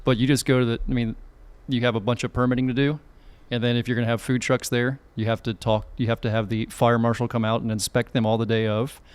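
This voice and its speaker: A man's voice: mid-range voice, little pitch movement, quick pace, few pauses, smooth. A middle-aged man hosting a podcast, chatting casually and rambling a little with restarts. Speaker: podcast host. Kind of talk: casual chat.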